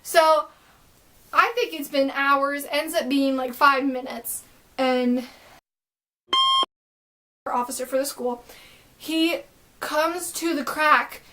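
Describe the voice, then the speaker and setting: A young adult woman telling a storytime vlog, excitable and rambling, with lots of filler words. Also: high-pitched, slow, long pauses, a little hiss or hum. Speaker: vlogger.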